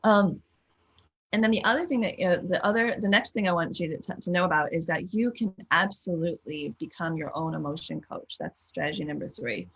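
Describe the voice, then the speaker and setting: Casting: woman parenting coach, low and breathy, encouraging, keeps checking in with listeners. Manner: encouraging, guides listeners through exercises; frequent checking "okay?" and "right?". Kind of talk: live online coaching talk.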